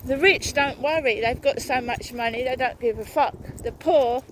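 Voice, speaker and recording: A woman's voice: sits high, moderate pace. A woman vlogging on a walk outdoors, ranting angrily and swearing a lot. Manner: angry, profane ranting. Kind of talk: walking vlog rant. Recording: outdoor background noise.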